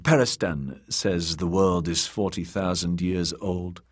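A man voicing a lazy young nobleman with a soft, sly way of speaking. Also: low-pitched, fairly even intonation, unhurried, no echo, clean studio sound.

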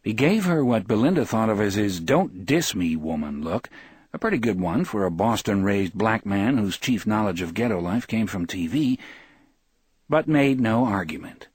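A man narrating a novel as an audiobook, expressive and voicing the characters. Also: lowish voice, moderate pace, husky, no echo.

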